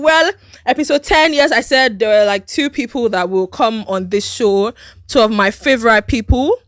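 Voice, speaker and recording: A woman's voice: mid-range voice, fairly bright tone, no echo, studio quality. A young Nigerian woman hosting her podcast, bubbly and hyped up, chatting casually on her own. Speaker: podcast host. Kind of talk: casual solo podcast chat.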